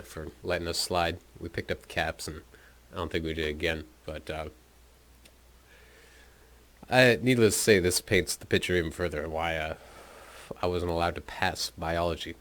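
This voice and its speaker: Deep-voiced man rambling through a story. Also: fairly even intonation, moderate pace, a bit bright. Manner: rambling, profane, laughs often. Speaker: podcast host telling his life story. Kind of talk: casual storytelling monologue.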